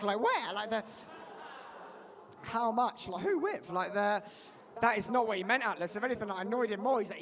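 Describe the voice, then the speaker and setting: A man doing a live stand-up set, rambling and self-mocking, with lots of fillers and restarts. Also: sits high. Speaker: stand-up comedian. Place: live comedy bar with audience. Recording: echoey bar with audience laughter.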